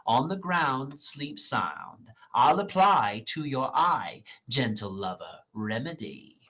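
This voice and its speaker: A man's voice: mid-range voice, very animated, slow, a bit bright, heavily acted. A man reading the part of a mischievous male sprite in sing-song rhymes. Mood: playful. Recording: lo-fi dull recording.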